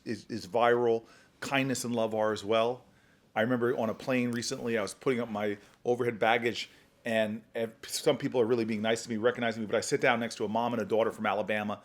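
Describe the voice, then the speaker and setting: A man, a senator telling stories in a podcast conversation, animated and acting out the people he quotes. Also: mid-range voice, fairly quick. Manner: animated storyteller, acts out quoted voices. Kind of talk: storytelling conversation.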